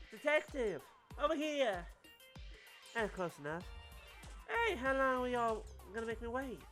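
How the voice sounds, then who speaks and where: A man's voice: a little high, a bit bright. A man putting on a drawling country girl. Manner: folksy rural drawl, y'all and reckon. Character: chatty young country girl informant.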